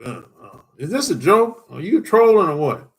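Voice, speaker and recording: A man's voice: high-pitched, sing-song, moderate pace, husky. A man hosting a casual livestream, teasing callers in loose slang and laughing often. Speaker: livestream host talking with callers. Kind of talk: casual chat.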